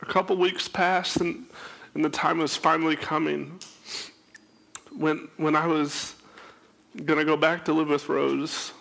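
A man sharing an emotional personal testimony, often halting and repeating his words. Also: fairly high pitch, little pitch movement, gravelly, fairly bright tone.

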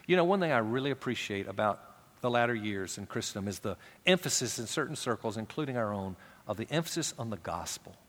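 Man preaching in a reverberant hall. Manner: swings from raised, animated delivery to low, hushed emphasis; acts out quoted voices in conversational asides. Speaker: pastor. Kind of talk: sermon.

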